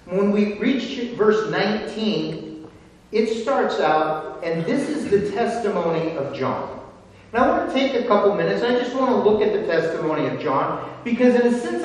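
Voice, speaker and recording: A man preaching a sermon with a fairly high voice, taking his time over each passage of scripture. His words ring through a reverberant church hall, picked up from a distance. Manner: earnest, reads scripture slowly and explains it. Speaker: pastor. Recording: echoey hall, voice from far off.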